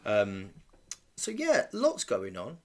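A man's voice: on the low side, wildly swooping pitch, slow, loud music behind the voice. A man in his thirties co-hosting a podcast, chatting casually and dropping dry jokes as he runs through events. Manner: dry, jokey, reads out events. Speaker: podcast co-host. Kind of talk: casual comedic chat.

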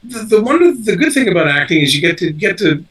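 A man's voice: high-pitched, very animated, fairly quick, a bit bright, distant mic, rough recording. An older man, an actor being interviewed, talking casually with lots of fillers and restarts. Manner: rambling, many fillers and restarts. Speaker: actor guest.

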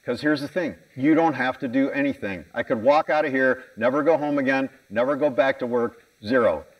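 Brisk and mid-range, an American man gives a conference keynote talk from the stage, openly mocking himself and asking the audience questions. He's recorded from a distance, and the audio comes through muffled.

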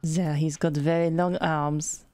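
A woman's voice: low voice, flat delivery, slow, darkish tone, faint music behind. A young woman streaming a game, chatting playfully and slipping into a joking mock French accent. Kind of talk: casual gameplay commentary.

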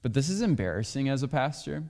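A man's voice: medium pitch, sing-song, quick pace, gravelly, darkish tone. A man preaching a sermon as pastor, talking candidly and sharing personal stories. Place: church sanctuary. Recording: long hall reverb.

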